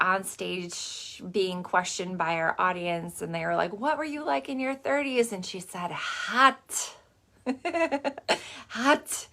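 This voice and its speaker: A woman's voice: lowish voice, creaky, a bit bright. A woman hosting a motivational masterclass in a casual, chatty, salty way, dropping lots of "like" and "okay". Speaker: host.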